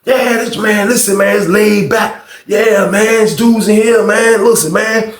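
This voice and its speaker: A man voicing an eager, excited young male inmate who talks in slang and keeps saying "man", in a roomy-sounding recording. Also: high-pitched, voice pushed up. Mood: hyped, eager. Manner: slangy, drawn-out, repeats "man". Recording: roomy echo.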